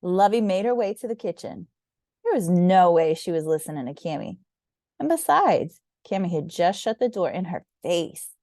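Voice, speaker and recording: A woman reading a children's storybook aloud with gentle, expressive narration. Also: fairly low pitch, moderate pace, no echo, studio quality. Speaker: storybook reader.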